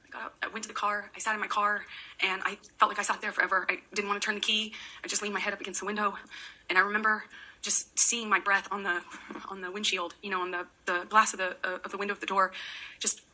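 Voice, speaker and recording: A woman giving courtroom testimony in a quiet, emotional way, halting and restarting her sentences, sometimes dropping to a whisper. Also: mid-range voice, level tone, rough recording. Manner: halting, with many restarts and repeated words.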